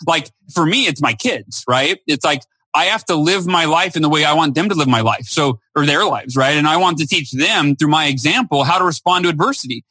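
A man's voice: on the high side, fairly quick, hardly any pauses, no echo. A man in an interview, telling a personal story with emphatic delivery, acting out quoted lines. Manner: emphatic, acts out quotes with lively shifts. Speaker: guest speaker and author.

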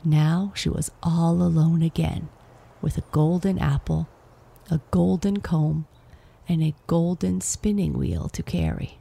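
A woman gently narrating a fairy tale as a storybook reader. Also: deep voice, lively intonation, measured pace, vocal fry, slightly rough.

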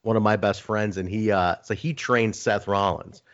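A man chatting casually on a podcast, telling animated stories full of restarts. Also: moderate pace. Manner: animated storyteller who jumps into high mocking impressions. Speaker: podcast guest. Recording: dull lo-fi sound.

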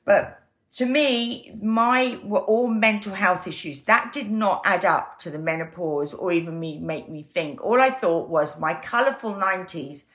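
A woman's voice: medium pitch, unhurried. A woman, a guest telling her story candidly and acting out the voices she quotes. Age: 50s. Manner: animated, acts out quoted voices.

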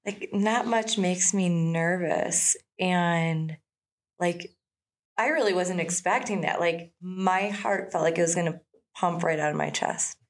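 A woman with a somewhat low voice telling a hunting story in easy, chatty talk. She fills her sentences with "like" and drops in quick quotes of her own reactions. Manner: chatty, lots of "like" fillers. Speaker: hunter. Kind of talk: casual chat.

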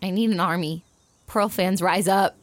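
A woman's voice: on the low side, steady tone, normal speed, noisy background. A woman player in a tabletop game podcast, talking playfully and animatedly while she has the hiccups. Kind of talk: reading an in-character letter, then casual chat.

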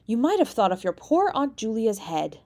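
A woman reader voicing a fussy, genteel older aunt who speaks in a gently reproving way. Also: fairly high pitch, big pitch swings, moderate pace.

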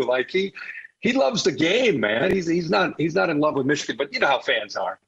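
A middle-aged man with a husky, somewhat high voice tells animated stories in a casual interview, restarting sentences and laughing as he goes. The sound is dull and lo-fi, like a remote line. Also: brisk. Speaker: college football analyst, guest.

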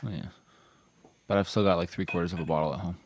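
A man with a low voice gushes over his drink in a playfully dramatic way. He sounds easygoing and effusive. A faint noise sits under the recording. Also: fairly even intonation, quick pace, darkish tone. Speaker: whiskey podcast co-host. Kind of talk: casual tasting chat.

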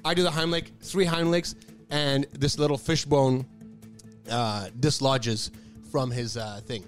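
A man's voice: mid-range voice, measured pace, soft background music. A man telling a story in casual chat, acting out the people in it and laughing often. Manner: animated, acts out voices of people in his stories, laughs often.

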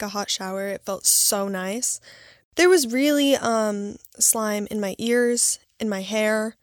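A young woman telling a story in a chatty, excitable way, full of "like.". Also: on the high side, no room sound, clean studio sound. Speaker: award winner. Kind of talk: casual storytelling.

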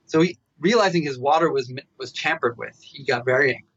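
A man telling a story as a meditation researcher guest in a podcast interview. He talks in an animated way and keeps tagging his asides with "right?". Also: mid-range voice, fairly quick, breathy edge, dry recording, highs cut off.

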